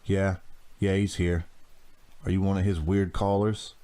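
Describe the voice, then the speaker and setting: A man reading a gruff, practical police-officer father who speaks with a drawl. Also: low voice, flat delivery, unhurried, dark tone. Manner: drawling, dry humor.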